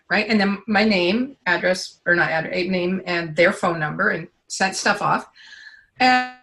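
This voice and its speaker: A woman giving a client testimonial in casual conversation, chatty and animated as she tells her stories. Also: medium pitch.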